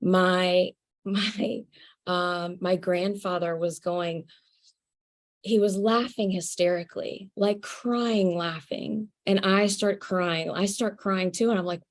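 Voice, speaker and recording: A woman telling a personal spiritual story to an audience, earnest and halting, with fillers and soft laughs. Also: medium pitch, fairly even intonation.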